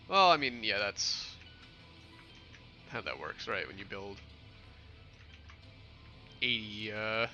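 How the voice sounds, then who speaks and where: A man's voice: lowish voice, big pitch swings, slow, pauses often, pushed and bright, highs cut off, soft background music. A young man from New York chatting casually with viewers while streaming a game, rambling and answering questions. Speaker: gaming streamer. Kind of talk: casual livestream chat while playing.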